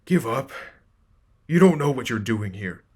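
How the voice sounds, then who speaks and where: A man voicing a huge, scornful, dragon-like creature with a raspy, worn voice, speaking in a mocking, unhurried way. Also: mid-range voice, lively intonation, darkish tone.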